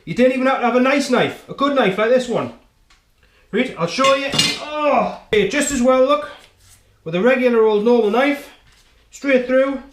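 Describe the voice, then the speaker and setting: A man's voice: very high voice, normal speed. A man hosting a home cooking show, chatting and joking with the viewer as he demonstrates chopping in his kitchen. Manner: chatty, jokey, talks straight to the viewer with frequent "right?". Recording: echoey kitchen with faint noise.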